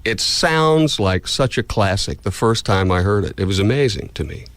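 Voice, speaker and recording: Teasing radio host, low lively voice. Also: male voice, normal speed, no echo. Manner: joking, teasing, laughs often. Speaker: radio morning show host. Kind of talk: casual on-air banter. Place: radio studio. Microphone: studio microphone.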